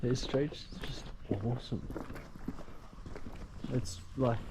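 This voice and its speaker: A man walks through a countryside village, narrating his route to a handheld camera in an unhurried, offhand way. His voice sits at a middle pitch and he swears casually as he goes. Clear outdoor noise, with birds and animals, runs under the whole recording. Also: level tone. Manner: laid-back, muttering asides with frequent swearing. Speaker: travel vlogger. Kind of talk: casual walking vlog. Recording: outdoor noise from walking on location.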